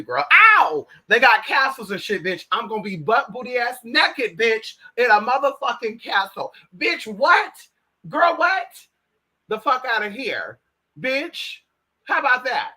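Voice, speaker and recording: An American woman vlogging in casual chat, brash and profane, swinging between loud outbursts and low asides. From United States. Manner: brash, profane, addresses viewers as girl and bitch.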